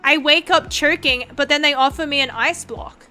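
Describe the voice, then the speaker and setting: Woman, young adult, high-pitched, animated, swears a lot, casual stream chat. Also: moderate pace, soft background music. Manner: sweary, rambling, animated storytelling. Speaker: vtuber streamer.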